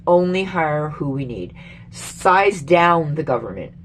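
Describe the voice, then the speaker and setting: A middle-aged Canadian woman in a heated, swearing vlog rant, emphatic and exasperated, rambling with sudden jumps in pitch. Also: very animated, slow pace, a little hiss or hum. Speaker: vlogger. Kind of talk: casual angry political rant.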